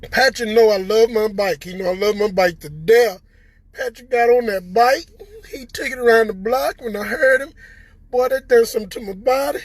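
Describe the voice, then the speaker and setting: A man with a Southern American accent giving an emotional personal testimony to viewers, tearful and halting, stammering and repeating words as his voice breaks. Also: very high voice, no room sound. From Southern United States. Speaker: recovered patient addressing viewers.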